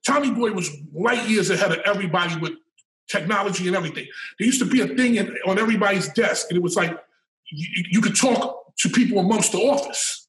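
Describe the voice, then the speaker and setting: A middle-aged man with a high voice tells a story in a loose, animated way. He curses freely and repeats words as he builds toward the point. He is recorded from a distance, in a room with a lot of echo. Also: slight background noise. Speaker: storyteller guest. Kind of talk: casual storytelling. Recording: roomy sound from a distant mic.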